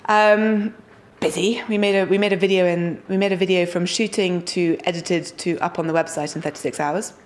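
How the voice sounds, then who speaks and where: A young woman from the United Kingdom, a startup founder talking enthusiastically as an interview guest. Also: lowish voice. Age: young adult. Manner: energetic, enthusiastic, quick asides. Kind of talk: casual interview talk.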